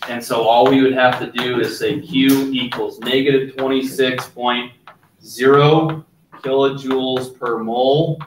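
A man teaching a chemistry class in a relaxed lecture style, often stopping to ask if there are questions. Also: medium pitch, far from the mic, a little hiss or hum. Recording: roomy classroom, voice from off-mic.

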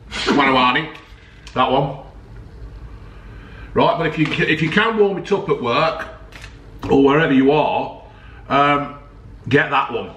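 A chatty man with a slightly high voice, joking and swearing casually as he reviews food. He sounds a little way off the mic in a roomy space. A faint noise sits behind him. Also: fairly bright tone, recorded from a distance.

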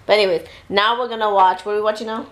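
A woman's voice: mid-range voice, fairly even intonation, very fast, fairly bright tone, a little hiss or hum. A young woman from New York, a mom, chatting casually and giggling in her daily home vlog. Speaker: daily vlogger. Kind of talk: casual family vlog chat. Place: home, indoors.

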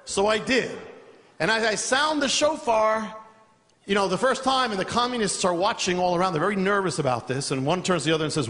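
A man's voice: high-pitched, a little fast. A man preaching a sermon, telling a story with energy and laughing as he goes. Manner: animated, laughing through a funny story. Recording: long reverb of a large hall.

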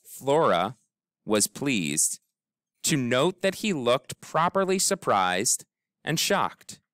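A man narrating a storybook with a lively, swinging pitch and a smooth, resonant tone. The sound is close and dry, with no room around it. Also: slow pace, no echo. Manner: expressive, animated reading with character voices. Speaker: audiobook narrator. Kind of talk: storybook read-aloud.

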